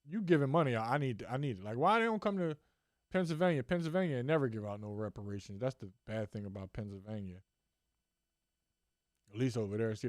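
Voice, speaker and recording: A man's voice: on the low side, a little mellow, no room sound, studio quality. A man hosting a solo podcast, rambling and joking in a casual monologue with restarts. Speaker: podcast host.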